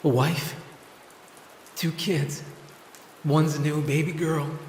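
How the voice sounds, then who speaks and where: A man voicing a trapped ghostly coal miner who talks softly, tired but hopeful, in a horror story narration. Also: a little high, level tone, takes it slowly, reverberant, long reverb tail, slight background noise, voice pushed up. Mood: calm, homely. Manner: soft, weary and gentle.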